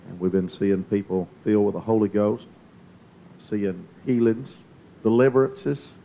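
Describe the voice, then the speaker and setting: A man with a Southern US accent preaching a Pentecostal testimony sermon, building from calm storytelling to fervent, near-shouted preaching. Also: on the low side, unhurried, gravelly.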